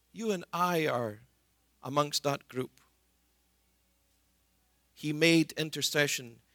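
A man's voice: a little high, fairly bright tone, no echo. A man preaching a sermon in an earnest way, retelling scripture scenes and voicing the people in them.

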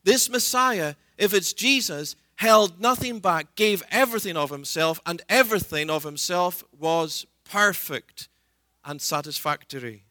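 A man preaching a sermon with a bright, forceful voice pitched a little high. He talks in an earnest way, retelling scripture scenes and acting out the people in them. The sound is dry and close. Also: unhurried, no echo.

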